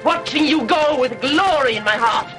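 A woman's voice: high-pitched, expressive, normal speed, loud music behind the voice. An actress playing a betrayed wife who turns on her deceiver with bitter scorn, in 1940s film acting, heard from an old soundtrack. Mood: bitter triumph.

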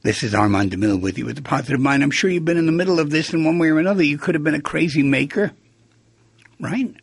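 Male talk host, very gravelly and raspy, dry close mic, reflective monologue. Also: fairly high pitch, fast, no room sound. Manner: musing, asks rhetorical questions, acts out quoted lines.

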